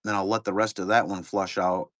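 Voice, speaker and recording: A middle-aged man with a low, fairly flat voice and a somewhat bright tone talks briskly while opening card boxes on a live stream. Laid-back and rambling, he chats with viewers, and the studio sound is clean with no room noise.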